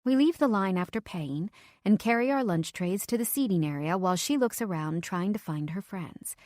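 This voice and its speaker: A woman's voice: mid-range voice, animated, moderate pace, darkish tone, dry recording. Dry close young woman narrating. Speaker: audiobook narrator. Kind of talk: first-person romance audiobook narration.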